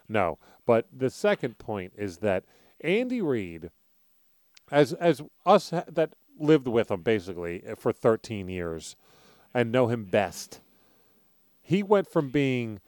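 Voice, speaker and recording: Brash Philly-accented podcast host. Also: male voice, on the low side, darkish tone, smooth, dry recording, studio quality. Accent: Philadelphia. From Philadelphia. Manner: brash, profane, joking. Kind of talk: casual sports betting chat.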